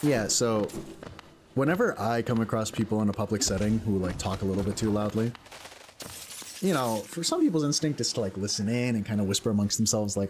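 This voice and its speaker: A man's voice: fairly low pitch, animated, a little fast, darkish tone, slight background noise. A man chatting casually while playing a game. He rambles with lots of fillers and breaks into laughter. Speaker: gaming streamer. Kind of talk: casual gameplay commentary. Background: other people in the house.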